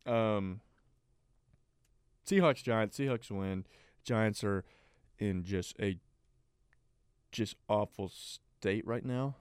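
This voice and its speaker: A man co-hosts a sports podcast, rambling through casual chat heavy with fillers and laughing easily. His low voice is clear and resonant; he draws out words and pauses often. The studio sound is clean, with no room sound.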